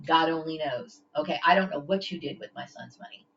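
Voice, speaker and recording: A woman speaks in a fairly low voice, confronting someone directly and punctuating every point with "okay?". She stumbles and restarts when upset. The recording sounds dull and lo-fi, like a home camera. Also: brisk, vocal fry, fairly bright tone. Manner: confrontational, repeats "okay?" often. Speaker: vlogger.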